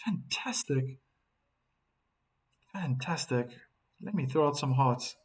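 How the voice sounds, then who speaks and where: A man's voice: mid-range voice, expressive, slow. A man doing live tennis commentary on a stream, chatting and reading out viewer comments between points.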